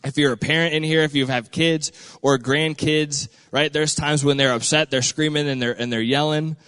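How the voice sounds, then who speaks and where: A man's voice: fairly high pitch, fairly even intonation, normal speed, a bit bright, clear, resonant tone, no echo. A young man preaching in a casual, chatty way, full of slang, who acts out the quoted lines in a raised voice. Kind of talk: casual sermon.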